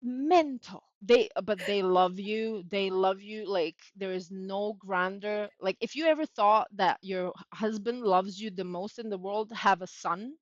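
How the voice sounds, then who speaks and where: Outspoken, emphatic woman, mid-pitched, talking over a dull remote line with dry sound. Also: unhurried, hardly any pauses, no echo. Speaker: guest, mother. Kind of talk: casual chat on a stream.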